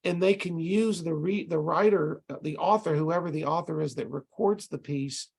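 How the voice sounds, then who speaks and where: An older man explains a teaching method to volunteer tutors over a video call. His voice sits fairly high for a man, gravelly and a touch husky. He speaks casually, often repeating words as he restarts his sentences. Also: normal speed. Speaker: ESL teacher presenting to tutors. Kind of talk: online tutor training talk.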